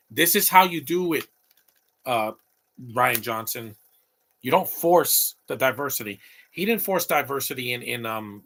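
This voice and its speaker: A man's voice: medium pitch, bright, forceful tone. A man in his late thirties giving opinionated, rambling live commentary over a movie, talking back at the screen. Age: late 30s.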